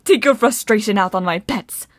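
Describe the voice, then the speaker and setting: A woman's voice: mid-range voice, moderate pace, dry recording, close to an everyday voice. Audiobook villain: a sneering sorceress, read by a woman, condescending, dry close sound. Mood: mocking. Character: haughty scheming sorceress woman, mocking.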